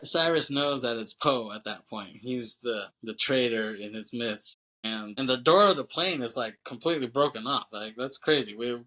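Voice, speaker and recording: A man's voice: mid-range voice, sharp tone, low-quality recording. A man co-hosting a movie podcast, casually retelling a film's plot with lots of profanity and acted-out lines. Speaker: podcast co-host.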